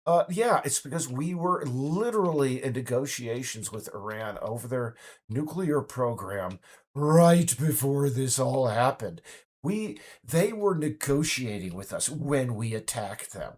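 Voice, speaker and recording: Husky man ranting with stammers. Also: mid-range voice, lively intonation, measured pace, darkish tone. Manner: stammering, restarts, mocking put-on voices. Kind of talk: ranting political monologue.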